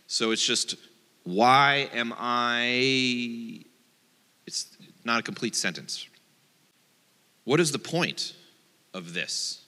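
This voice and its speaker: A man's voice: medium pitch, pushed and bright, big-room sound. A man, a rabbi, giving a playful, joking sermon and acting out the voices in his quotes.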